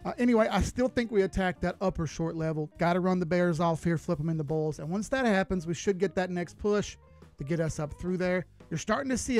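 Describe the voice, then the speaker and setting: A man's voice: sits high, fairly quick, darkish tone, faint music behind. A man giving live chart analysis on a stream, talking casually and greeting viewers as he goes. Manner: casual, folksy, chats with viewers while reading charts.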